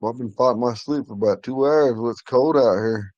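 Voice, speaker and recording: A man teaching an online language class, talking in a relaxed, rambling way with many fillers. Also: medium pitch, moderate pace, no room sound, lo-fi sound. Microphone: phone.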